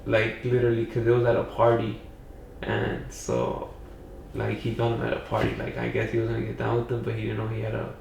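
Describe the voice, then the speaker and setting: A man's voice: lowish voice, monotone, a little fast, creaky, darkish tone, slight background noise. A young man from Los Angeles, a podcast guest telling a story in a rambling way, full of "you know" and "like". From Pacoima, Los Angeles. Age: young adult. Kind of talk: casual storytelling. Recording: echoey room, mic far off.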